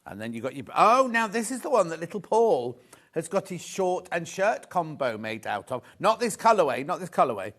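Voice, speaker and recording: A man's voice: on the high side, sing-song, moderate pace, fairly bright tone. A middle-aged man hosting a live sewing shopping show, gushing over fabrics and teasing the crew in chatty banter. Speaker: shopping channel host. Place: TV studio.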